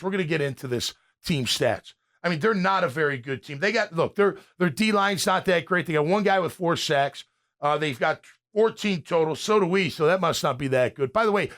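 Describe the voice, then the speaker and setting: A man in his fifties with a high voice hosts a casual sports talk show. He rants in a fired-up way, often starting his sentences over as he goes. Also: a bit bright. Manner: fired-up, ranting, with frequent restarts. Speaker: podcast host and former pro linebacker.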